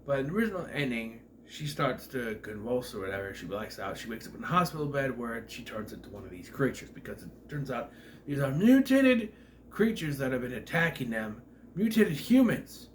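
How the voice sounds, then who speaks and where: Talking fairly quickly in a sing-song, mid-range voice, a man gives a rambling, casual spoiler review of a horror film, losing track of character names and clearing his throat over slight background noise.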